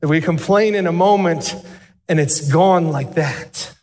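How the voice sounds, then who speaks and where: Middle-aged pastor guy preaching, pretty high voice, lively, throws questions at the crowd, big reverby church sound. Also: unhurried. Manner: animated, asks the congregation questions. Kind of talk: sermon. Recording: long reverb of a large hall.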